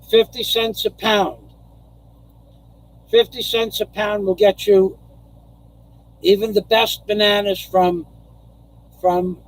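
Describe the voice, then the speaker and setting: Older guy from new york rambling on his live stream, kinda high voice, keeps repeating himself. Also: poor audio. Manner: rambling, repeats phrases, chuckles. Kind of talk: casual live-stream monologue.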